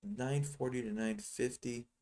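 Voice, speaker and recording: A man's voice: medium pitch, steady tone, a little slow, warm tone. A middle-aged man giving rambling, teasing live commentary on his trading screen, thinking aloud as he goes. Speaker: futures trading software seller.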